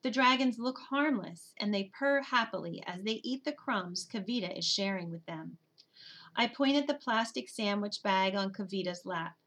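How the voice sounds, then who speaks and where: Audiobook narrator: a woman who reads a children's storybook in first person, bright and expressive. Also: medium pitch, moderate pace.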